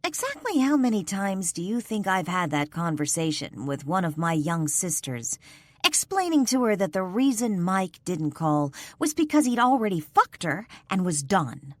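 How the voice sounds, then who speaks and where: A woman's voice: on the low side, big pitch swings, no echo. Woman voicing a fierce winged warrior woman. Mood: menacing. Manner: cutting, threatening, quick to anger.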